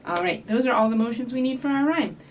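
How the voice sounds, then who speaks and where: A woman reading a picture book aloud and leading rhymes for young children, in an animated, sing-song way with bright bird calls and prompts to join in. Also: a little high, fast, slight background noise. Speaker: children's librarian leading story time. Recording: voice from some distance from the mic.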